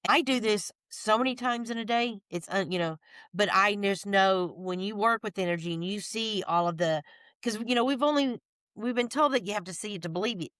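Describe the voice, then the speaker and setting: A woman guest in an interview, telling a story in a lively, folksy way, talking in bursts and restarting her sentences. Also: medium pitch, fairly quick, no echo, studio quality. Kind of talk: animated storytelling chat.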